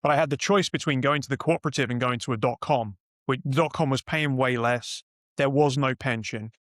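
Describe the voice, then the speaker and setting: This podcast guest, a middle-aged British man from the United Kingdom, recounts his career in a meandering, casual interview, restarting sentences and correcting himself as he goes. He talks fairly quickly at a normal pitch with a slightly bright tone. The close, dry recording carries no room sound.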